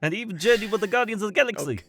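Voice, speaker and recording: A man putting on a gentle rock creature who speaks with a soft New Zealand accent, pitched well above a normal speaking voice. He rambles sweetly and cheerfully, like a friendly giant telling a story. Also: expressive, racing, music in the background. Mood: cheery, rambling.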